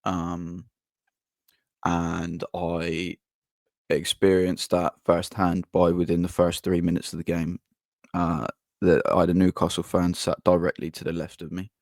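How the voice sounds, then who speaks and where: A man hosting a football podcast, telling a story in a blunt, casual way, swearing and pausing with ums. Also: sits low, monotone, gravelly, darkish tone, no echo, studio quality. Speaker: podcast host. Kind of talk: casual match-reaction monologue.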